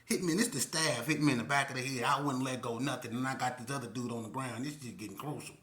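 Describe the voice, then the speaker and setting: Brief: middle-aged Las Vegas man, casual storyteller, bright edgy voice, echoey room. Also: medium pitch, quick pace. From Las Vegas, Nevada. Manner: loose, repeats "you know what I'm saying".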